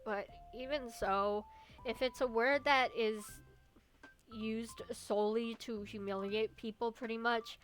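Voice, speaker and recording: In a high-leaning, slightly bright voice, a young woman vtuber chats casually about her own life, wandering off track, starting over, and letting out little laughs.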